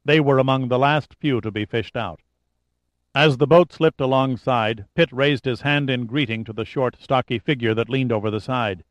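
Male narrator, audiobook thriller, steady dramatic read, dry close sound. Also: medium pitch, moderate pace, no room sound. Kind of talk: scripted narration.

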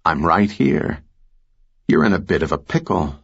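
Male narrator as a deadpan hero, low voice, lo-fi sound. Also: measured pace, gravelly, slightly rough, heavily acted. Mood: cool. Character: calm, dryly sardonic male hero.

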